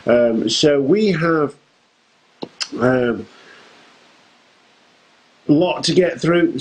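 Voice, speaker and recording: A man's voice: medium pitch, a little mellow, poor audio. A man hosting a fan show, giving a chatty, rambling recap of a wrestling show with jokey asides.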